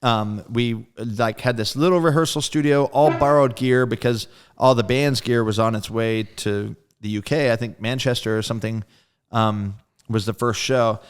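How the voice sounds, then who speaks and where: Here the guest drummer's mid-range voice sounds smooth and moves at a moderate pace. Casual and swearing freely, he narrates a tale for the interview, slipping into impressions of the friends he quotes.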